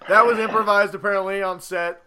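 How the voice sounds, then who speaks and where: A man co-hosting a podcast, chatting casually and excitedly about a movie, swearing and acting out scenes. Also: high-pitched, fairly quick, a loud crowd. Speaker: podcast co-host. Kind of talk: casual movie review chat.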